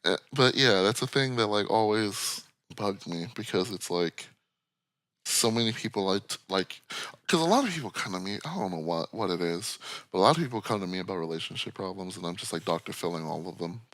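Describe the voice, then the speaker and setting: Male co-host, low-ish voice with a lively swing, bright tone, dry close sound; chatty, giggly delivery. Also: a little fast, no room sound. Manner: laughs often, loose and chatty, lots of fillers. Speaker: podcast co-host. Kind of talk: casual chat.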